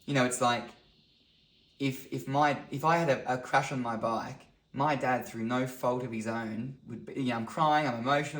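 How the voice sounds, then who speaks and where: In a reflective podcast talk with a roomy echo, a thirty-something guest who works as a men's coach shares stories earnestly and acts out quotes. His mid-range voice has a fairly bright tone, fairly even intonation and a moderate pace.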